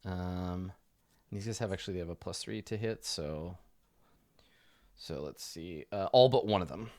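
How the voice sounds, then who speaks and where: A man's voice: deep voice, normal speed, a little mellow. A young man narrating a tabletop game as game master in a loose, chatty way, with many fillers and restarts.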